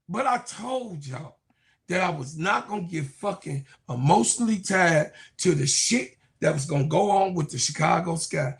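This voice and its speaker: A man in his fifties ranting casually to viewers as a sports commentator, animated and profane, often repeating his phrases. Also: high voice, gravelly. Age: 50s. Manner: animated, profane, keeps repeating "you know what I'm saying".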